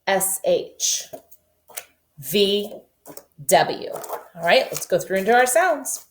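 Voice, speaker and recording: A woman teaching a phonics lesson to children over video, sounding out letters and reading a nursery rhyme slowly and deliberately. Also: medium pitch, lively intonation, slight background noise. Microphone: camera facing the teacher.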